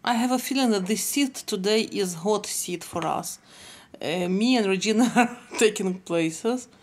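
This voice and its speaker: A woman's voice: medium pitch, measured pace. A woman hosting a casual family vlog, chatty, with slightly non-native phrasing. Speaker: vlog host.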